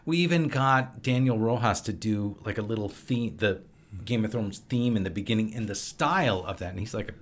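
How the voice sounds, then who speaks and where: A man from Wisconsin, a filmmaker and actor, chatting as a podcast guest in a relaxed, rambling storytelling way. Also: on the low side, a little fast. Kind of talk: casual conversation.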